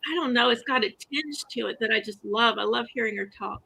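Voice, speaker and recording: High bright-voiced woman chatting on a fan panel, eager, agrees a lot. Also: brisk, gravelly, breathy edge, low-quality recording. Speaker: convention panelist. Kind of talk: casual panel chat on a video call.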